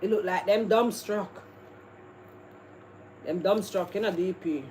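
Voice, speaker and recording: With a mid-range, darkish voice and a measured pace, a Jamaican livestream host rambles and laughs as she talks with her viewers. Background ambience is noisy.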